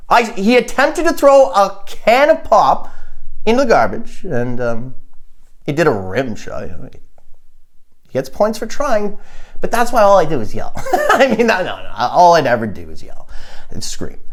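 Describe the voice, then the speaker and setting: A hoarse man hosting a podcast, rambling through a satirical comedy monologue and chuckling at his own jokes. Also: mid-range voice. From Canada. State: hoarse, sore throat. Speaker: podcast host.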